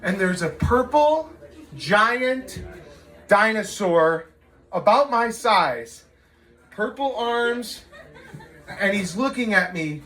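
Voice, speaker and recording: A man doing stand-up storytelling at a live comedy venue, animated and laughing as he goes. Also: sits high, slow pace, pauses often, rough recording.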